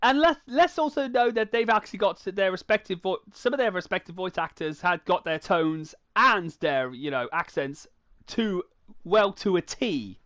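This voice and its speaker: A man's voice: high voice, lively intonation, normal speed, no room sound. A young man streaming a racing game, chatting to his viewers in a rambling, stop-start way while he plays. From United Kingdom. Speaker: gaming streamer. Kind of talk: live gameplay commentary. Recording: game music loud under the voice. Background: loud racing game music.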